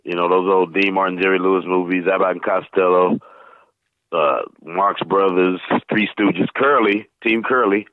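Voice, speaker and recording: Voice actor guest, man in his fifties from Saint Louis, very low voice, animated storyteller, tinny phone line. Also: dry recording. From Saint Louis, USA. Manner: animated, tosses in quick voice impressions. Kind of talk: casual storytelling interview. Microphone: phone call.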